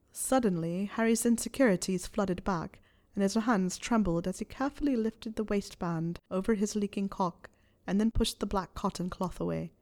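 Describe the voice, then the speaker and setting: A woman reading fan fiction aloud in a soft, steady storytelling voice. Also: mid-range voice. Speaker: reader.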